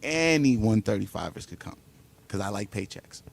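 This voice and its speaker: A man's voice: on the low side, lively intonation, moderate pace, gravelly. A man who is a fighter at a press conference, talking trash in a brash, profane, boastful and taunting way. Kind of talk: trash talk.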